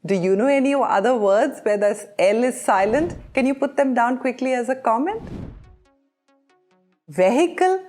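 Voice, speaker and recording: A woman teaching English pronunciation, drilling words slowly and with careful enunciation, putting questioning tones on the wrong versions. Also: fairly high pitch, darkish tone, faint music behind. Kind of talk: scripted pronunciation lesson.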